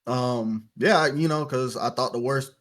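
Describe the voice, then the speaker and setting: A man's voice: mid-range voice, unhurried, a bit bright. A young man from Louisiana, a podcast guest telling his story in a casual, reflective way, with lots of "you know" fillers.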